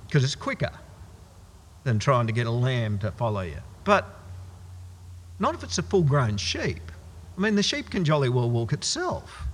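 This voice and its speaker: A man's voice: fairly high pitch, fairly bright tone, in a large hall. A man preaching a sermon in a conversational, wry style with exaggerated asides.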